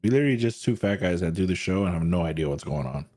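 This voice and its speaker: A man's voice: low voice, animated, rapid-fire, darkish tone. A young man co-hosting a morning talk show, laid-back and profane, drawing out his reactions. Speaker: co-host. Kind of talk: casual profane banter.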